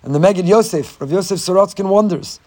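A man delivers a Torah class at a fairly high pitch for a man. He moves between reading Hebrew passages and explaining them in plain English. His voice climbs with emphasis whenever he poses a rhetorical question. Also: quick pace, darkish tone, a little hiss or hum. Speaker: rabbi giving a Torah class. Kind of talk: Torah lecture.

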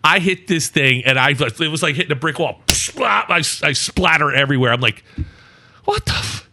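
A man's voice: on the high side, fairly quick. A man on a podcast telling a funny story about himself, acting out the voices of the people in it. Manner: animated, self-mocking storyteller acting out voices. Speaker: podcast co-host. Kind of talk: casual storytelling.

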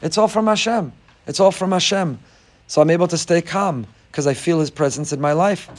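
Animated rabbi teaching a class. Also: male voice, fairly quick. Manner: animated storyteller, rising high when acting out others. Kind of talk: Torah class lecture.

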